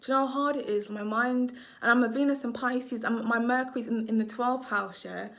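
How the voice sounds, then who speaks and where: A woman's voice: fairly high pitch, fairly even intonation, a little fast, a bit bright. A woman gives a casual astrology reading to camera, talking off the cuff. She rambles, drifts off track and swears freely as she goes. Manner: rambling, swears freely, loses her train of thought.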